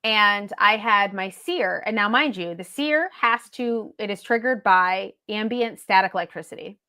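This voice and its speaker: A woman guest on a casual livestream video call, telling animated, swear-laden stories about her paranormal gear. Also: mid-range voice, clear, resonant tone. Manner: animated, swearing, quick storytelling with laughs. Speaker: paranormal equipment maker, guest.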